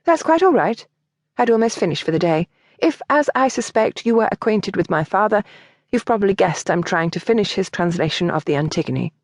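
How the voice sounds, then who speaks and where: A woman voicing a prim, scholarly young woman who speaks crisply and a little warily. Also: medium pitch, lively intonation, a little fast, no room sound, studio quality, natural voice. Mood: brisk. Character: prim bookish young woman, plain and guarded.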